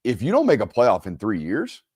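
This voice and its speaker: A man hosting a solo live college football reaction show, who gets loud and high when he rants. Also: moderate pace, slightly rough, dry recording, studio quality. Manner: animated, goes loud and high when ranting. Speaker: sports show host. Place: studio.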